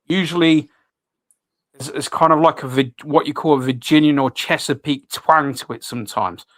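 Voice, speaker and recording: A man's voice: on the high side, normal speed, fairly bright tone, no room sound. A man hosting a casual radio chat, rambling with many restarts and fillers. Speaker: host.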